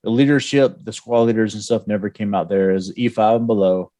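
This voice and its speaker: A man co-hosting a veterans' podcast, telling old army stories in a casual, animated way. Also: fairly low pitch, fairly quick. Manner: storytelling, animated, with laughs. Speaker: podcast co-host.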